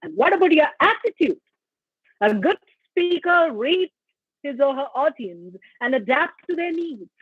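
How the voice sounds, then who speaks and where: A woman's voice: sits high, big pitch swings, unhurried, no echo. A woman giving an instructive, emphatic online lecture on public speaking. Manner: instructive, emphatic, sings scale examples. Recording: dull lo-fi audio.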